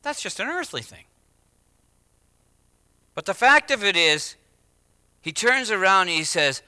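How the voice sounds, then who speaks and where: Middle-aged male pastor, sermon delivery, very bright slightly high voice, dry close sound; hushed to emphatic. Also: sing-song, measured pace, pauses often, clear, resonant tone, no echo. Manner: swings from hushed to loud, emphatic preaching.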